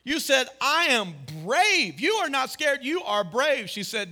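A man in his thirties preaches from the pulpit in a high, bright voice. He tells stories with emphatic bursts and sudden rising exclamations. His delivery is that of a pastor's sermon. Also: big pitch swings, a little slow. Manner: emphatic, storytelling, rises to loud exclamations.

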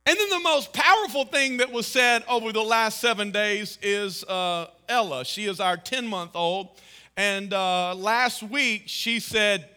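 A man in his thirties preaches from the pulpit in a high, bright voice. He tells stories with emphatic bursts and sudden rising exclamations. His delivery is that of a pastor's sermon. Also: measured pace, clear, resonant tone. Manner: emphatic, storytelling, rises to loud exclamations.

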